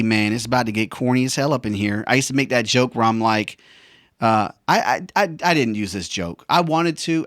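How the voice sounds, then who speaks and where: A man's voice: medium pitch, fairly bright tone, no room sound, studio quality. A man, a veteran and former helicopter pilot, rambling casually with slangy jokes. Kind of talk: casual monologue.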